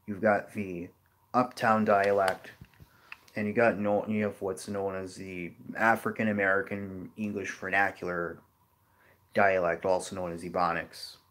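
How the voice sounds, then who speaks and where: Low voiced guy rambling through a geography lesson, lots of "you know"s. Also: little pitch movement, a little slow, bright, forceful tone. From New Orleans area, Louisiana. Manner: loose, rambling delivery with many "you know" fillers. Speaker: geography video host. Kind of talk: unscripted explanatory talk.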